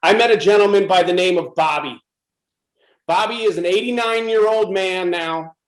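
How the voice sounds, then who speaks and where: Intense high-voiced man telling his story. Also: normal speed, reverberant, rough recording. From USA. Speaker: speaker at a club presentation. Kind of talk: personal testimony talk.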